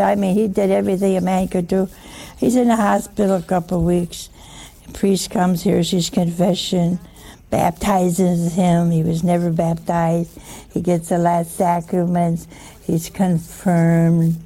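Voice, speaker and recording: Slow, gravelly-voiced woman preaching. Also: on the low side, dark tone. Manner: chatty, teasing rhetorical questions with humor. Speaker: religious teacher. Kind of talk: conversational sermon.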